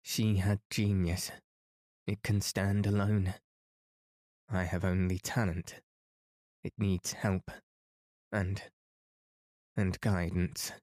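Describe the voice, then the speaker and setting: A thoughtful young woman writer speaks softly and earnestly, as a male storybook reader puts her on. The voice stays low and even. The delivery is unhurried, with a dry, close sound. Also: dry recording.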